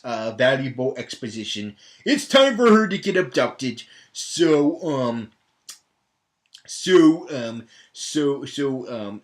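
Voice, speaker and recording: A man giving a casual comedic movie recap, rambling, with many fillers and stammered restarts. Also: mid-range voice. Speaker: film recap host.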